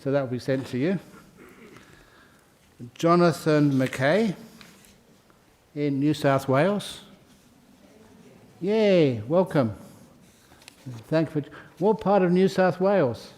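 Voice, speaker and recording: A man leading a ceremony, reading out names and welcoming each new member in a chatty, good-humoured way. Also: a little high. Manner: slow, warm-hearted and chatty, laughing between names. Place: meditation hall.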